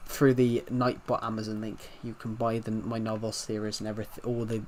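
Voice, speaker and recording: A man's voice: on the low side, monotone, fairly quick, a little mellow, a little hiss or hum. A man hosting a casual game livestream, rambling and chatting directly to his viewers. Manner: rambling, chatty, talking to chat. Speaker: game streamer.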